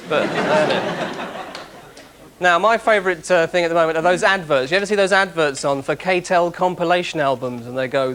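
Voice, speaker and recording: A man's voice: a little high, fairly quick, fairly bright tone, a little hiss or hum. A man hosting a stand-up comedy show, tossing quips and chatty asides to a live audience.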